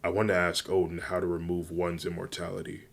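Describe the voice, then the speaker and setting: A man voicing a determined, protective young female shadow wolf in an earnest, flat reading. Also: low voice, fairly quick, creaky.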